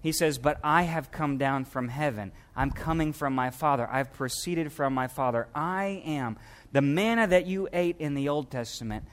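A middle-aged Louisiana pastor delivers an animated sermon at a moderate pace. When he quotes scripture, his voice drops low and soft.

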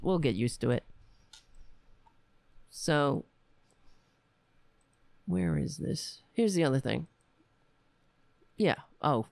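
A woman's voice: low voice, clear, resonant tone, no echo. A woman hosting a podcast, talking in a blunt, profane, rambling way in casual commentary. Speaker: podcast host. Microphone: webcam setup.

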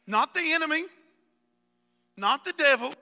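A man preaching a fervent sermon as pastor, calling on members of the congregation by name and building up to shouting, recorded in a church. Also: very high-pitched, lively intonation, measured pace. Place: church sanctuary. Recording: long church hall reverb.

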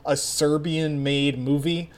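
A young man with a slightly raised voice chats casually as a podcast co-host. He gets excitable and breaks into laughter often, leaning on "like" as he tells a story. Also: fairly high pitch, slow. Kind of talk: casual chat.

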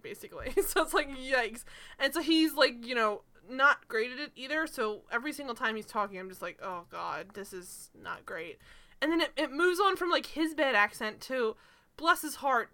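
A woman co-hosting a casual show recap, animated and sarcastic, swearing and laughing often. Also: on the high side. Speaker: podcast co-host.

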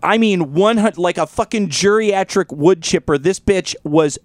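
A man with a fairly high voice tells a rambling, profane story in a casual podcast chat. The sound is close and dry on a studio mic. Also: moderate pace, dry recording. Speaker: podcast host.

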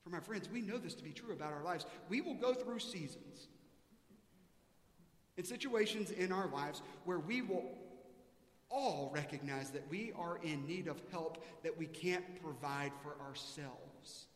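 A male pastor preaches with a fairly high voice, shifting between animated storytelling and quiet earnestness. His voice rings through a large church with a long, roomy echo. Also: a little slow. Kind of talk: sermon. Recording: echoey church hall.

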